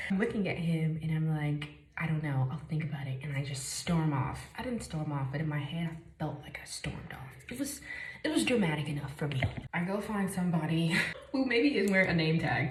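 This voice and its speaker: A young woman from Chicago telling a story time while doing her makeup, animated, dropping to whispers and jumping up in bursts. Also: low-pitched. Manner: animated, jumps between whispers and bursts of exclaiming. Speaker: vlogger. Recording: echoey room, faint noise.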